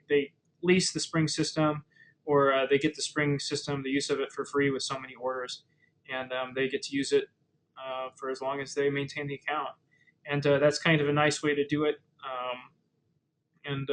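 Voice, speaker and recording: A man with a mid-range, somewhat bright voice presents a webinar on a low-quality recording. His explanations are casual and conversational, full of fillers and restarted phrases.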